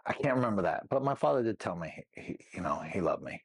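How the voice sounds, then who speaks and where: A man's voice: low voice, sing-song, fast, breathy edge, no room sound. A middle-aged man speaking as an interview guest, telling his story candidly and rambling with lots of "you know what I mean" asides.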